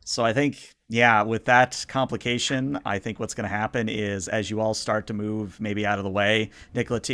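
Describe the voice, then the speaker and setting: A man narrating a tabletop role-playing game as game master, in a relaxed, meandering way. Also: lowish voice, clear, resonant tone, no echo.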